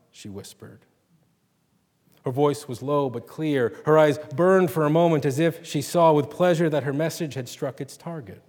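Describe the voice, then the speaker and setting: A man's voice: on the high side, a little mellow. Man reading a story in an echoing hall. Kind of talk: reading and retelling a short story.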